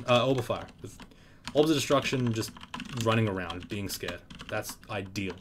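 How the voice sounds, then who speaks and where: A man's voice: fairly low pitch, normal speed, noisy background. A young man casually commenting on a live game stream, swearing and joking in mock trash talk at the game. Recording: loud keyboard clicks and typing.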